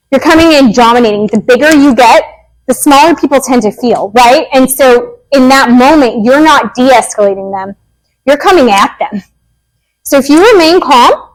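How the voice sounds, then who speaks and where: A woman in her thirties, a behavior analyst, giving a casual, animated workshop talk to parents in a meeting room and acting out quoted lines. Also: on the high side, low-quality recording. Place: meeting room with a live audience.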